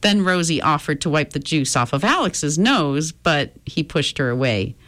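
A woman reading a children's chapter book aloud in a gentle, expressive storytelling manner. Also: low-pitched, normal speed.

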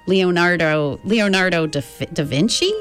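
A woman's voice: fairly low pitch, unhurried, fairly bright tone, clear, resonant tone, faint music behind. A woman voicing an eager teenage boy who lists names with rising emphasis, in a storybook reading. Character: eager teenage boy, tentative then confident.

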